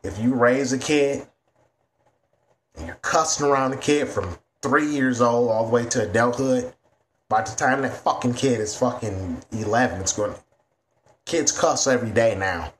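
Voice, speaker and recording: A man's voice: mid-range voice, normal speed, a little hiss or hum. A man ranting to camera in a vlog, blunt and heavy on profanity. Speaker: vlogger.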